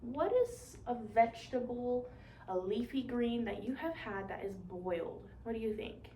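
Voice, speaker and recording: This young woman sounds warm and a little high, speaking at a moderate pace. As a cheerful, encouraging teacher, she runs call-and-response in a demonstration lesson for an imagined class. The sound is echoey, taken from a distant mic, with slight background noise.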